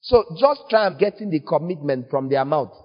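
A man preaching a sermon in a playful, teasing way, with sudden jumps in pitch. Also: lively intonation, moderate pace. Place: church. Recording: long church reverb, dull lo-fi sound.

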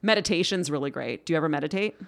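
A woman's voice: deep voice, expressive, very fast, vocal fry. A woman guest on a casual podcast, chatting playfully and sometimes slipping into a mock-formal voice. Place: podcast studio in Queens.

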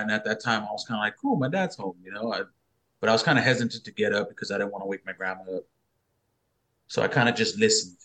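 Casually swearing young man telling a story. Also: lowish voice. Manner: swears freely, animated quoting of others. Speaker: podcast guest.

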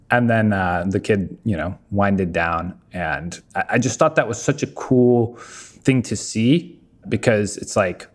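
A man's voice: fairly low pitch, takes it slowly. Laid-back man hosting an interview. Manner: relaxed, rambling, thoughtful. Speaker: podcast host. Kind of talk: casual interview chat.

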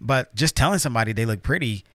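A man talking casually with his partner on a podcast, relaxed and rambling with many fillers. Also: medium pitch, fast, no echo. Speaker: podcast co-host. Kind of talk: casual couple chat.

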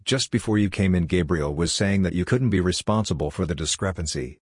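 A quiet, polite woman scientist who speaks with care, as a male narrator reads her. The voice stays deep and husky, dry and close. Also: fairly quick, dry recording.

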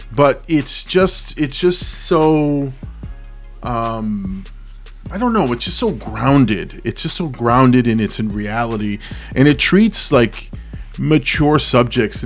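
A man in a casual vlog talks through his thoughts on a movie. His voice sits at an ordinary middle pitch, and he speaks earnestly, searching for words and circling back as he goes. Faint music plays softly behind him. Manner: earnest and open about his feelings. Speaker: movie reaction channel host. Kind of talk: casual spoken movie review.

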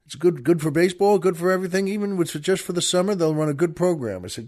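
A man's voice: fairly high pitch, quick pace, few pauses, darkish tone. An older man hosting a podcast, telling a rambling, self-amused anecdote in a casual storytelling monologue and laughing along as he goes. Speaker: podcast host.

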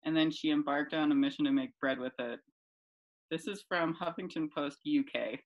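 A woman's voice: low voice, moderate pace, muffled recording. A woman co-hosting a podcast in casual chat, playful and giggly, reading out odd news items. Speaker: podcast co-host.

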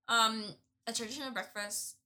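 A woman's voice: on the high side, fairly even intonation, moderate pace, bright, forceful tone, slight background noise. A woman chatting in an easygoing, casual way. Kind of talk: casual chat.

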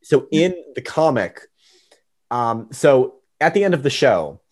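A man's voice: medium pitch, very animated, unhurried, crowd noise. A young man hosting a podcast, chatting casually with many fillers and restarts. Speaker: podcast host. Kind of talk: casual chat.

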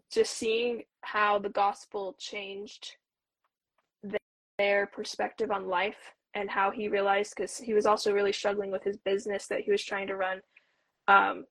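Speaking as a guest on an interview, this returned missionary in her twenties recounts her own story with sincerity and plenty of "like" fillers. Her mid-range voice is creaky and fairly bright, recorded without echo and at low quality.

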